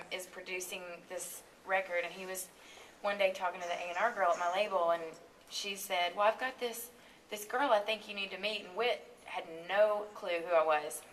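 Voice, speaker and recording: A woman singer as a radio interview guest, talking in a chatty, animated way and laughing often. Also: mid-range voice, recorded from a distance, slight background noise, poor audio. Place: radio studio.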